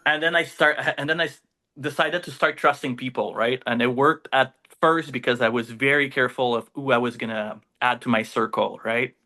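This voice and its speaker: A man's voice: medium pitch, fairly even intonation, moderate pace, bright, forceful tone. A man with a French accent, a native French speaker, telling his story as a podcast guest in a rambling way, full of fillers and tag questions. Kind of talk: casual interview storytelling.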